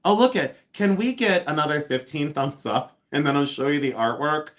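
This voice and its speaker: A man's voice: fairly high pitch, normal speed, a bit bright. A man hosting a casual livestream from his home, chatty and scattered, with lots of fillers and apologies. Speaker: livestream host, reseller. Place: home, often moving around the house.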